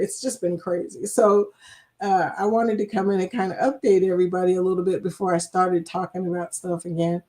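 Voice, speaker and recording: A middle-aged woman from Kentucky chats loosely on her livestream, reading viewer comments aloud and reacting to each one. She rambles from topic to topic and laughs easily, in an unhurried, conversational way. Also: mid-range voice, darkish tone. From Kentucky, USA. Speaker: livestream host.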